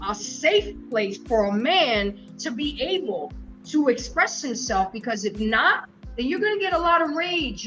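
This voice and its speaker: High-voiced emphatic woman host. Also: sharp tone, rough recording. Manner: emphatic and storytelling. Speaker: show host. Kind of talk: casual panel debate.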